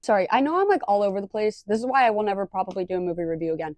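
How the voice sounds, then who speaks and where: A woman's voice: mid-range voice, rapid-fire, a little mellow, dry recording. A young woman casually ranting through a movie review, exasperated and swearing, with lots of rambling restarts.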